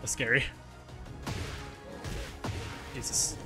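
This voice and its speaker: A man telling a funny work story, then reacting loudly to a fighting game, laughing and swearing freely. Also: fast talker, loud music behind the voice. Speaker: gaming YouTuber. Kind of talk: storytelling and live gameplay commentary.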